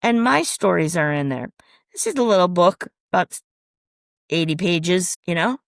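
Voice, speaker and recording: A woman from Minnesota, a transformation coach, telling lively stories in an interview and acting out what people said. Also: lowish voice, normal speed, vocal fry, no echo, studio quality. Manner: animated storyteller acting out quoted voices. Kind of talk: storytelling interview answers.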